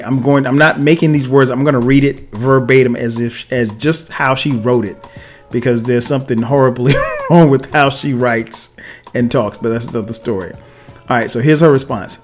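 A man in his thirties from South Carolina, hosting a podcast and telling a story in a chatty way, with lots of asides, fillers and laughter. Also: mid-range voice. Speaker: podcast host. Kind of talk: casual storytelling monologue.

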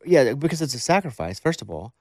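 Fast-talking joking male host. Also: mid-range voice, sing-song, a little mellow, dry recording, clean studio sound. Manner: quick, joking, chiming in. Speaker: podcast host. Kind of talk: casual chat.

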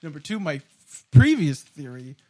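A slightly higher-voiced man talks through movie theories on a podcast, animated and quick to swear. He laughs often as he riffs with his co-hosts. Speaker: podcast co-host. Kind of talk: casual film discussion.

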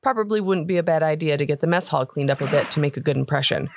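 A woman hosting a tabletop game podcast, giving a steady, expressive story narration. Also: deep voice, fast talker, dry recording. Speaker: podcast host and story reader. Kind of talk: read-aloud story narration.

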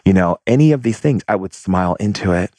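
A man's voice: deep voice, lively intonation, warm tone, dry recording. A man giving an emphatic, theatrical inspirational monologue to his listeners, stretching out words for effect. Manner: emphatic, theatrical, drawn-out and affectionate.

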